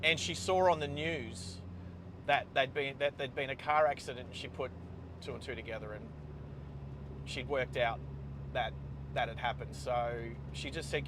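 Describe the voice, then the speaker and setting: A middle-aged Australian man telling a personal story while he drives, speaking in a halting way with many pauses and restarts. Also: medium pitch. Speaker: host of a live driving stream. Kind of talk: casual storytelling while driving. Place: inside a car on the road. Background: car and road noise.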